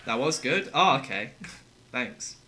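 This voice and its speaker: A man's voice: mid-range voice, expressive, brisk, sharp tone, soft background music. A man chatting casually with his viewers while gaming live, joking and laughing often. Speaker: streamer.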